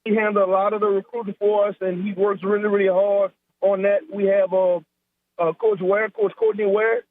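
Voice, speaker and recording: A head track coach with a thick South Louisiana accent rambles easily in a phone-in interview, repeating words as he goes. His fairly high voice, with little pitch movement and normal speed, comes through a thin, tinny phone line that sounds dry and close.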